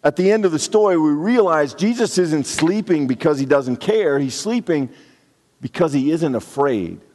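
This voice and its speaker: A man's voice: on the high side, expressive, normal speed, darkish tone, big-room sound. A man preaching a sermon in a conversational, reflective way, now and then acting out short quotes. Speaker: pastor.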